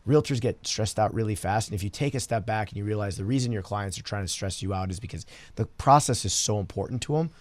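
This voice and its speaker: A man, a real estate broker, talking in a relaxed casual panel chat and telling stories. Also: fairly low pitch, quick pace, hardly any pauses, no echo. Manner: storytelling, relaxed, repeats words.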